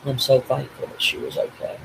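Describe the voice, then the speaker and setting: An older man talking in a tearful video diary, grief-stricken and blaming himself, speaking haltingly with restarts and breaking off as he cries. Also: medium pitch, big pitch swings, creaky, a bit bright, a little hiss or hum, rough recording. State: crying. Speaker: vlogger.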